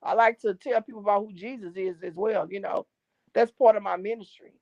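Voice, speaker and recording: A middle-aged woman who sings gospel and plays drums appears as an interview guest, giving a faith testimony. Her medium-pitched, darkish voice is steady and fairly quick, emphatic and preachy as she repeats key phrases, captured on a dull, dry lo-fi recording.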